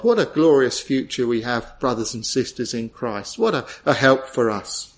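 A man's voice: mid-range voice, sing-song, moderate pace, few pauses. A male preacher delivering an earnest, tender sermon full of rhetorical questions.

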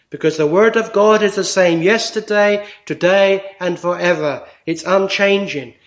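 Guy preaching a sermon real slow, higher voice, leans on each phrase. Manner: slow, deliberate preaching with emphatic pauses.

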